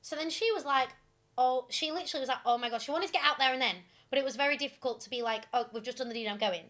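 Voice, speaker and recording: A young woman chatting on a podcast, her voice bright and a touch high. She retells stories in an animated, giggly way, full of fillers. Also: racing. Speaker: podcast co-host. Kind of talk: casual chat, retelling listener stories.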